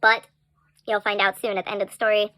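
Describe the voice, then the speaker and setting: A young woman telling a story in a casual vlog, chatty and animated, full of "like" and little laughs. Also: medium pitch, fast talker, no echo.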